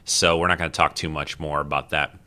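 A man's voice: very deep voice, little pitch movement, brisk, bright, forceful tone. A man hosting a podcast alone, talking casually and rambling with fillers and restarts. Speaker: podcast host. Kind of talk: casual solo podcast talk.

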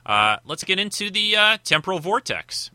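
A man's voice: high voice, sing-song, moderate pace. A man hosting a casual film commentary, thinking aloud and rambling with many restarts. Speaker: host.

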